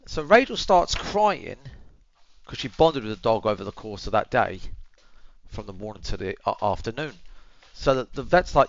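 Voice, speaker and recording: A man's voice: fairly high pitch, sing-song, a little slow, gravelly, fairly bright tone, dull audio. A young man, telling a story to his viewers in casual chat, swearing freely and calling them boys and bro, muttering asides while he tends his dog. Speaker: streamer.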